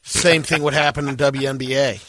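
A man's voice: medium pitch, steady tone, brisk, a loud crowd. A man co-hosting a podcast in casual banter, answering in brief, laid-back remarks. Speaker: podcast co-host.

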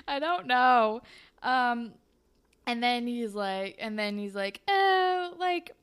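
Animated young woman recapping a show. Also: clean tone. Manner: animated, swears, acts out characters in quick high voices. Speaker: podcast co-host. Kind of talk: casual recap chat.

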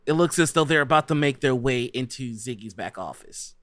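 A man narrating a tabletop role-playing game as game master, with a lively way of talking. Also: medium pitch, fairly quick, no echo. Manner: lively, breaks into shouted voices for characters.

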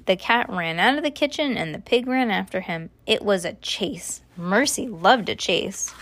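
A woman reading a children's book aloud in a lively, expressive way. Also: medium pitch, moderate pace. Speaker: storyteller.

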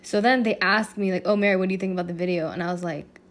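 A woman hosting her own podcast, telling a story in a casual, profane and animated way with frequent laughter. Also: on the low side, racing. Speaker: podcast host.

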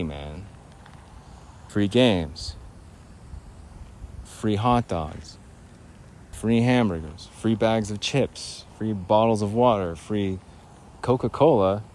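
A man's voice: lowish voice, a little mellow, slight background noise. A man rambling through a nostalgic comic story in a podcast, correcting himself as he goes and breaking into laughter. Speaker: comedian host.

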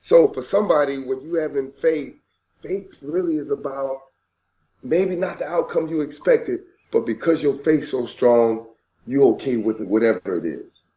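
A man's voice: medium pitch, normal speed, mellow, highs cut off. A man earnestly speaking to listeners about faith in a casual talk. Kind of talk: casual chat.

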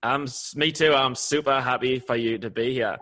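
A man hosting a relaxed interview, bubbling with praise and playful teasing. His voice sits at an everyday middle pitch. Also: normal speed. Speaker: interview host.

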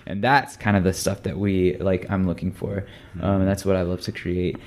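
A young man on a podcast, talking about brand work in a hesitant way with many pauses and restarts. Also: low-pitched, little pitch movement, slight background noise. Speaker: brand lead on content team. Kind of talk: casual podcast chat.

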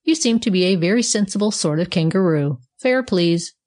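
A pompous streetcar conductor who demands and sneers, as a woman reading a storybook puts him on. The voice rises and falls in lively swings. He talks like an official who is sure of his rules. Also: medium pitch, normal speed, lightly acted. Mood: bossy.

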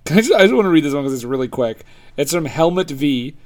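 A man's voice: fairly high pitch, expressive, fast, a little mellow. A man co-hosting a casual podcast, joking and reading out movie reviews. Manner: jokey, laughs at his own quips. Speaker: podcast co-host.

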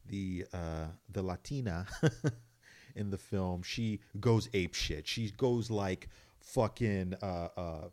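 Low-voiced man co-hosting a radio chat. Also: slow, darkish tone. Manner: rambling, swearing, laughing often. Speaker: radio show co-host. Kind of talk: casual chat.

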